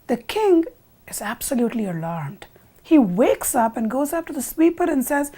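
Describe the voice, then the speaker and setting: A woman narrating a traditional fable expressively, moving from loud emphasis to whispers. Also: high-pitched, lively intonation, moderate pace. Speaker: storyteller. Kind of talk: animated storytelling narration.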